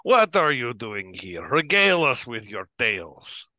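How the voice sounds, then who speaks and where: A boisterous drunken tavern regular, as a man puts him on, booming and rowdy. His voice is bright and forceful in a dry, close sound, swinging widely in pitch. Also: very animated, unhurried, dry recording, heavily acted. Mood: jovial.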